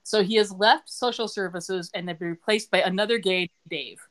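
A middle-aged woman with a mid-range voice hosts a relaxed podcast, recapping a TV episode in a chatty, joking manner. She moves quickly through the scenes, quoting characters' lines as she goes.

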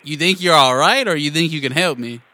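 A man's voice: on the high side, brisk, pushed and bright. A man co-hosting a podcast and making a prank call, talking casually with stammered restarts and frequent laughter. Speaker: podcast co-host and prank caller.

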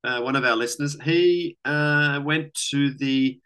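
Relaxed, sweary man. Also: medium pitch, unhurried. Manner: relaxed, rambling, sweary, laughs easily. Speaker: podcast co-host. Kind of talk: casual chat.

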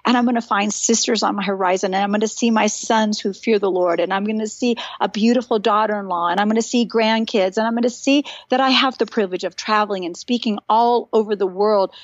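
A middle-aged woman, a guest on a podcast, telling stories in an animated, earnest and encouraging way. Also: mid-range voice, no room sound, muffled recording. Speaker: podcast guest, author and speaker. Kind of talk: casual chat.

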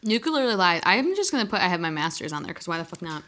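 A young woman co-hosting a podcast, chatting casually with loose, profane, animated storytelling. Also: fairly low pitch, very fast. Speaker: podcast co-host. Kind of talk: casual chat.

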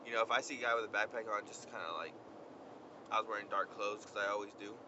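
A young man chatting casually as he tells a story outdoors on a windy day, animated and slangy. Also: on the low side, fast. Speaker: vlogger. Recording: lo-fi outdoor recording with traffic noise. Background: wind and passing traffic.

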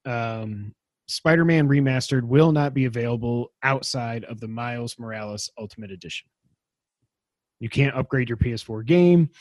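A man's voice: medium pitch, moderate pace, no room sound. Dry, chatty male podcast host. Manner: enthusiastic, rambling, self-deprecating. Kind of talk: casual gaming news chat.

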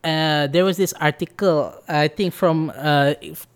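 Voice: mid-range voice, measured pace, smooth. Laughing Malaysian speaker, mid voice. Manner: animated, laughs often, exclaims in mock outrage. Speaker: podcast co-host. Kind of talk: casual podcast chat, mostly English with Malay.

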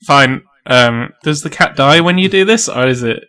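A man running a tabletop game as game master. His voice is bright and forceful, and he talks loosely with plenty of fillers and side remarks. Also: fairly high pitch, animated, normal speed, slight background noise. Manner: loose, chatty, full of fillers and laughs.

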